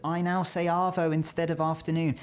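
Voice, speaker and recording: A man's voice: on the high side, little pitch movement, brisk, clean tone. A man, talking to camera in a playful, self-mocking way as a video creator. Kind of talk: scripted commentary to camera.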